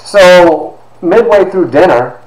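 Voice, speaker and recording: A man, a university instructor, telling stories from his life to his class, lively and sometimes dropping into hushed asides. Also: high-pitched, takes it slowly, reverberant, poor audio. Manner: animated storyteller, drops to hushed asides. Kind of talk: storytelling lecture to a class.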